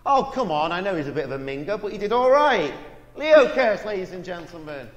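A man's voice: high voice, big pitch swings, fast talker. A man playing a comedy club MC announcing an act from the stage. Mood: upbeat. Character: upbeat male comedy club MC. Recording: distant, echoey hall.

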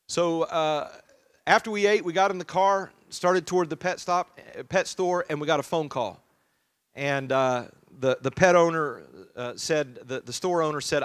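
A male pastor preaching a sermon in an easygoing, story-driven style, full of "uh"s and restarts. His voice sits a little high. The sound is dry and close, with no room echo. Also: moderate pace, clean tone. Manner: conversational storytelling with many fillers.

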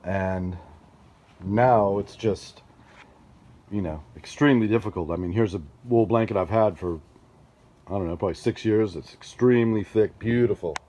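A man vlogging outdoors at a storage facility, telling a story in a chatty, animated way and acting out other people's lines. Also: lowish voice, normal speed. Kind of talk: casual storytelling vlog.

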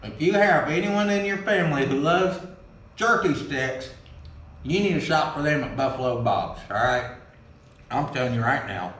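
In a big, echoey workshop, a man with a drawl and a high-sitting voice for a man opens fan mail for his vlog. He's folksy and excitable, cussing casually as he chats along at normal speed.

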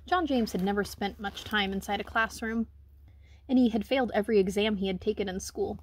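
Husky woman reading a children's book. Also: medium pitch, brisk. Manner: gentle, expressive storytelling. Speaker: reader. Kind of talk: children's book read-aloud.

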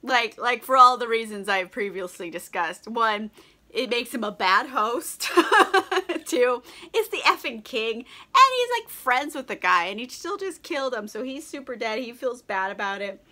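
Young woman, book vlogger, tipsy and giggly, bright voice, sitting a touch above the usual female pitch, chatty, casual. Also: expressive, normal speed. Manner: chatty, giggly, lots of likes, mock-voices characters. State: tipsy from wine.

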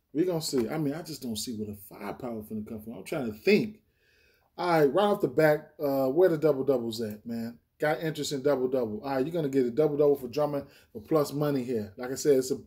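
A man's voice: mid-range voice, dark tone. A man hosting a sports betting channel, casually breaking down picks, thinking aloud with lots of fillers and profanity. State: hiccuping.

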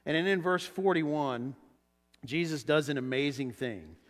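Animated high-voiced preacher in echoey church. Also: male voice, unhurried. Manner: animated, acts out quoted voices loudly. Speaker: pastor. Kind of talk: sermon. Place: church sanctuary. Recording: church hall reverb.

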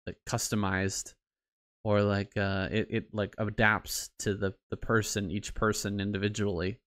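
A man in casual podcast chat, talking haltingly with many fillers and restarts. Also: fairly low pitch, level tone, a bit bright, dry recording, clean studio sound. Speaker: podcast co-host.

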